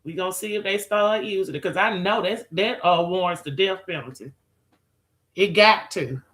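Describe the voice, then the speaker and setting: Woman doing a late night live stream, sassy and cussing a lot, bright voice. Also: medium pitch, normal speed. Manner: sassy, profane, calls viewers girl, child, honey. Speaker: livestreamer chatting with viewers. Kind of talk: casual live-stream chat.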